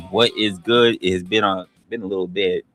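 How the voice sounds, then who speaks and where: A man with a notably low voice hosts a casual livestream. He talks straight to his chat in a loose, rambling way, often restarting a sentence to fix a word or chase a new thought. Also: big pitch swings, moderate pace, dry recording, soft background music. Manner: rambling, loose, self-correcting. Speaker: livestream host.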